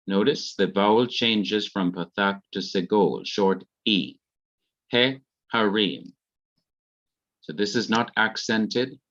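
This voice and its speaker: A man's voice: on the low side, fairly bright tone, lo-fi sound. A man with a Jamaican accent, carefully explaining grammar rules in an online revision lesson. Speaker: Hebrew teacher.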